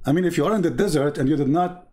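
A man's voice: fairly high pitch, rapid-fire, mellow, a little hiss or hum. Mocking man with broken English. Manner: broken English, mocking, laughing, repeats words. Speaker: livestream host. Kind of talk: live-stream commentary.

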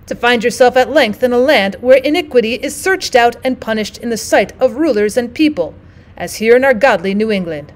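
Chatty, pious townsman in a storybook reading, earnest and eager to explain, read by a woman with a fairly high voice. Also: animated, brisk, lightly acted. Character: pious, talkative male townsman.

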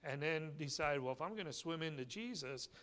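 A male pastor preaching a sermon in a church, telling the story in a relaxed, conversational way with light humor. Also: on the high side, a little fast. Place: church sanctuary.

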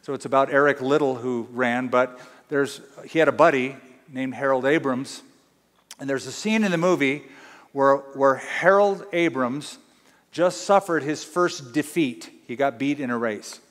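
A man's voice: mid-range voice, measured pace, a bit bright, big-room sound. A man preaching a sermon as pastor, emphatic and full of rhetorical questions. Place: church.

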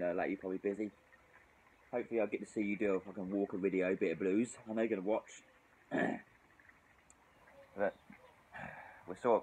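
A man's voice: on the low side, a little mellow, slightly rough, poor audio. Sweary British man drinking outdoors. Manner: sweary, rambling, frequent sighs. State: tipsy, shivering from cold. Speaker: drinking vlogger. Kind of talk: casual rambling vlog. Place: outdoors in the cold.

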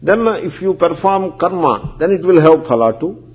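Gravelly swami on a tinny line. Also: male voice, on the high side, animated, normal speed. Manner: conversational, explanatory, peppered with Sanskrit terms. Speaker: Vedanta teacher, swami. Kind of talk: scripture lecture. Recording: tinny phone-like recording.

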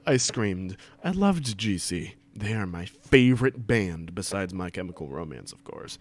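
A man's voice: deep voice, big pitch swings, unhurried, few pauses, dry recording. A man giving an over-the-top comic reading aloud to friends, stumbling and swearing for laughs, on a desk mic during a voice call. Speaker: reader of a fan fiction for friends.

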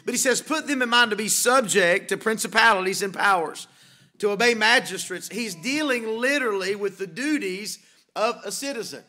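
A man's voice: high voice, normal speed, bright, forceful tone. A male pastor preaching an evening sermon in a church, emphatic, asking rhetorical questions and repeating key phrases. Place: church sanctuary.

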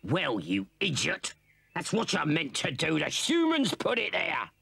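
A man's voice: fairly high pitch, wildly swooping pitch, a little slow, sharp tone, no room sound, heavily acted. A man voicing a scheming, bossy male weasel gang leader who snarls insults and orders at his gang in a storybook audio play. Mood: bossing. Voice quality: gravelly, snarling.

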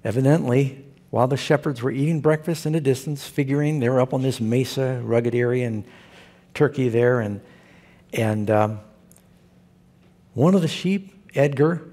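A man's voice: on the high side, dark tone, husky. A male pastor preaching a sermon, telling stories with humor and asking his listeners questions. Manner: humorous storytelling preacher who asks the audience questions.

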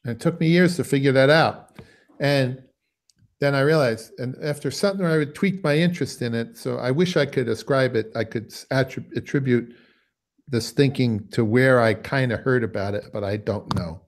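A man with a medium-pitched voice speaks at normal speed while teaching a bassoon masterclass, musing aloud, singing phrases to explain them, and trailing off quietly.

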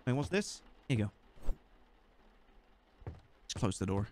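Speaking at a measured pace with a fairly low voice and slight background noise, this young Swedish man does playful let's-play commentary. The gaming YouTuber is animated and joking, and he has a Swedish accent and talks to the game as he goes.

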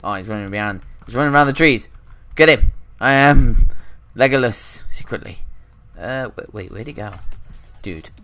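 A young man giving live commentary over his own gameplay, jumping between loud outbursts and muttered asides. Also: mid-range voice, normal speed, soft background music. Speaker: gaming channel host.

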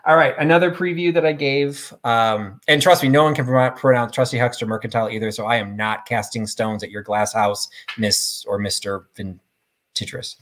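A man's voice: mid-range voice, fairly even intonation, moderate pace, a bit bright. A middle-aged man hosts a live sale in a chatty, rambling, self-deprecating way. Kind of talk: casual live-stream selling.

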